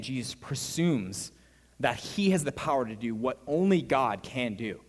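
Guy preaching a sermon in church, goes from hushed to loud, big echoey hall. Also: mid-range voice, measured pace. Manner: animated preaching, voice swings between hushed and loud. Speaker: pastor.

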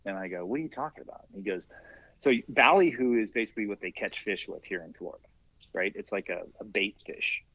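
An older man, a masters athlete and former firefighter, telling stories in a relaxed interview and acting out the dialogue he quotes. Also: fairly low pitch, brisk, dry recording. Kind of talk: casual storytelling in an interview. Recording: dry, dull lo-fi podcast audio.

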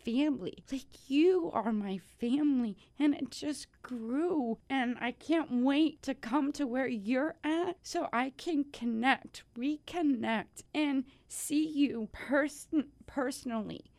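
A woman's voice: high-pitched, takes it slowly, few pauses, a little mellow. A woman hosting her own life-coaching podcast, talking in an effusive, grateful way with many restarts, teary from joy. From United States. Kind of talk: casual podcast monologue.

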